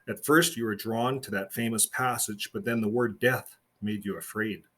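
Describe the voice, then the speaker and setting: Casting: a man voicing a good-humored angel guide, husky and reassuring, storybook reading. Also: fairly low pitch, steady tone, moderate pace, fairly bright tone. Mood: explaining. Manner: laughing, reassuring. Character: amused, kindly male angel guide.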